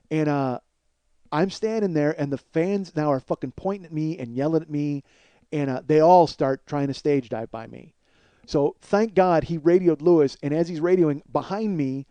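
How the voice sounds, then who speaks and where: Male podcast host, profane animated storyteller, mellow slightly high voice, dry sound. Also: dry recording, dull audio. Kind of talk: comedic storytelling monologue.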